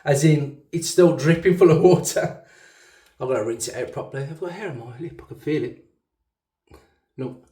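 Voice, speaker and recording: A rambling, chatty man with a Black Country accent and a fairly high voice. He talks loosely and pokes fun at himself as he shaves. The sound bounces around a hard, echoey bathroom. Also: moderate pace, pauses often, dark tone. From English West Midlands. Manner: rambling, chatty, self-mocking. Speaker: shaving channel host. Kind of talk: casual chat while shaving.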